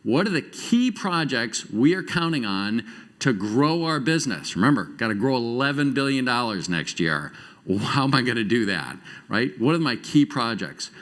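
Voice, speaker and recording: A middle-aged man giving a conference talk on stage to a live audience, telling stories with quick shifts in loudness and pace. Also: medium pitch. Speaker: conference speaker.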